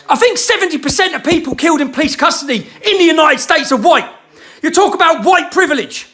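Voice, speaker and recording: An angry man delivering a shouted, swear-heavy rant to camera, firing rhetorical questions. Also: very high-pitched. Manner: confrontational, jabbing rhetorical questions. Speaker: political commentator.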